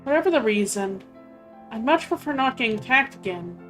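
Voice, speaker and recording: A woman's voice: on the high side, expressive, a little fast, fairly bright tone, soft background music, voice pushed up. A woman reading a hot-tempered male knight's dialogue aloud, in a raised, emphatic voice. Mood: grateful. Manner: reads quest dialogue aloud with lifted emphatic delivery.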